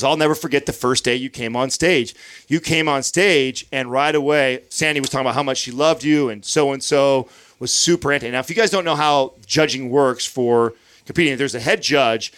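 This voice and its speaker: A man's voice: mid-range voice, brisk, fairly bright tone. A man in his thirties hosting a podcast, telling a long story in casual chat, swearing freely and acting out what others said. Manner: profane, storytelling with acted-out quotes. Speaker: podcast host.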